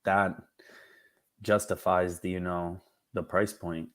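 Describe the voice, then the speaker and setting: A man co-hosting a casual chat, speaking in short, slow remarks and agreements. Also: low-pitched, little pitch movement, fairly bright tone. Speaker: co-host.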